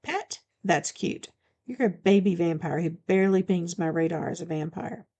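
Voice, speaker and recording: A woman's voice: lowish voice, steady tone, moderate pace, mellow, lo-fi sound, lightly acted. A woman reading the part of a blunt, commanding male shifter bodyguard in an audiobook, speaking firmly and matter-of-factly.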